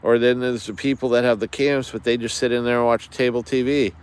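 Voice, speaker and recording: A man's voice: medium pitch, steady tone, fairly quick, clean tone. Chatty man livestreaming outdoors. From United States. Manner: chatty, digressive, many fillers, greets viewers. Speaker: outdoors channel host. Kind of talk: rambling livestream chat. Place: outdoors in woods.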